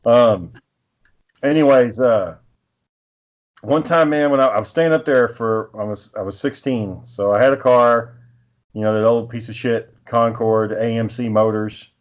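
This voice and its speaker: A man's voice: mid-range voice, a little slow, lo-fi sound. Profane, rambling man telling stories. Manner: profane, rambling, laid-back. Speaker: podcast co-host. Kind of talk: casual storytelling chat.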